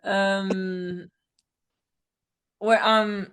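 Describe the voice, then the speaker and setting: Excitable woman playing a tabletop game. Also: on the low side, unhurried. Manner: animated, exclaiming and hesitant. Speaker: player.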